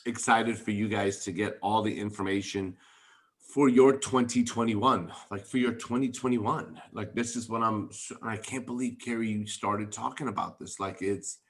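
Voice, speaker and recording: A man leading a network marketing team, telling stories in an excited, emphatic way on a video call. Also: on the low side. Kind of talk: enthusiastic motivational talk on a video call.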